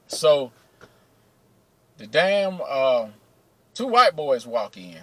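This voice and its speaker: A man casually telling profane, animated stories about his days working security, acting out what people said. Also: medium pitch, extremely slow, no room sound, rough recording. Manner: profane, animated, acts out quotes. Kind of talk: casual storytelling.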